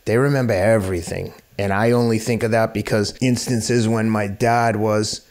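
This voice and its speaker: A man's voice: on the low side, fairly even intonation, normal speed, a little mellow. A man in his fifties, a podcast guest, talking candidly and bluntly and swearing freely. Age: 50s. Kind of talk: casual interview talk.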